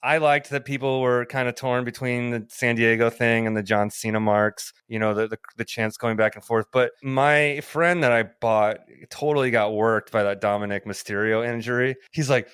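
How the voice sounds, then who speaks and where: Guy on a podcast, smooth clear voice, dry close sound, rambly swear-y storytelling. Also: mid-range voice, fairly even intonation, normal speed, hardly any pauses, a bit bright, dry recording. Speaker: podcast co-host. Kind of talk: casual chat.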